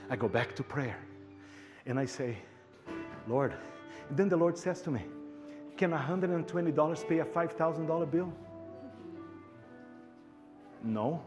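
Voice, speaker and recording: A man's voice: on the high side, normal speed, over music. A male pastor telling a story in a sermon. He acts out the dialogue with animation and often repeats words.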